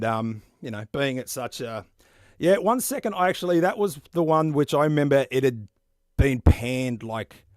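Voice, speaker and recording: A man in his forties hosting a stream, chatting casually and profanely in a rambling, animated way. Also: medium pitch, no room sound, clean studio sound. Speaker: podcast host. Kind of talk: casual chat about metal albums.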